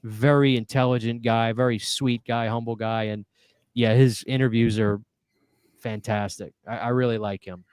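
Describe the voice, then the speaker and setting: A man's voice: medium pitch, steady tone, moderate pace, darkish tone, smooth, dry recording. A man hosting a casual live stream, chatty, reading viewer comments aloud and laughing easily. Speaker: podcast host.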